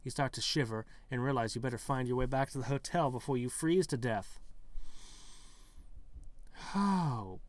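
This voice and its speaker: A man reads a text adventure aloud at an ordinary middle pitch, stopping now and then for dry, joking remarks of his own. The sound is close and dead, with no room echo. It plays as a relaxed gaming video narration. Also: quick pace, few pauses. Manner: wry, joking asides between narrated passages. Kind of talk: reading a text game aloud with casual commentary.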